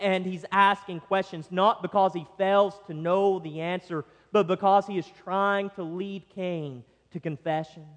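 A man preaching a sermon, reading scripture aloud and breaking off for conversational, wry asides and acted-out quotes. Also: high voice. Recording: long hall reverb.

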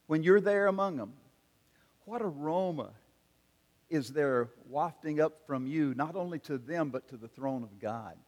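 An older man from South Carolina, preaching a sermon and telling a story in an earnest, measured way with pauses and hesitations. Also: mid-range voice. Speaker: pastor. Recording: long reverb of a large hall.

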